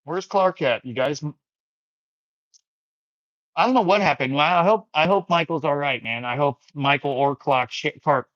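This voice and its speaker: An easygoing male host chatting through a livestream fellowship and reading comments aloud, his voice sitting at an ordinary middle pitch. The sound is close and dry, with no room around it. It comes through a little dull and lo-fi. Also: fairly bright tone, dry recording. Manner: easygoing, addresses viewers as you guys and brother. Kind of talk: casual chat reading viewer comments.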